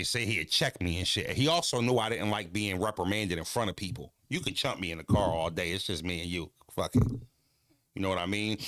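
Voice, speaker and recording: Animated, profane man, lively storytelling. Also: on the low side, no room sound, clean studio sound. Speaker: streamer. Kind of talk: casual chat.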